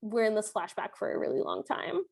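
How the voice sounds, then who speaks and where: A woman's voice: medium pitch, huge pitch swings, a little fast, vocal fry, a little mellow. A woman co-hosting a podcast, recapping a film in a casual, chatty way with lots of filler words. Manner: chatty, filler-heavy storytelling with frequent "like". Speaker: podcast co-host.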